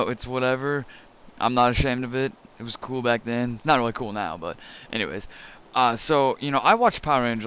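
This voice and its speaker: A man's voice: medium pitch, fairly bright tone, smooth. A young man hosting a gaming channel, telling a story over gameplay in a rambling, casual way full of "you know" and fillers.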